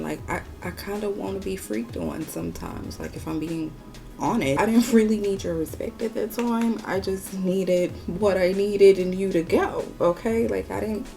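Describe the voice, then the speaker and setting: A woman beauty vlogger tells a story while she works through a makeup tutorial. Her voice sits low and mellow, with a relaxed, dark tone. She talks bluntly and swears freely, speaking straight to her viewers. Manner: candid and profane, talking straight to viewers. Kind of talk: casual storytime chat during a makeup tutorial.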